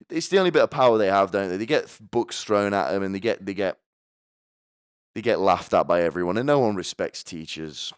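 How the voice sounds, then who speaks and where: A man's voice: deep voice, animated, brisk, smooth, no echo, clean studio sound. A man hosting a podcast, delivering a rambling, sardonic comedic monologue full of restarts. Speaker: podcast host.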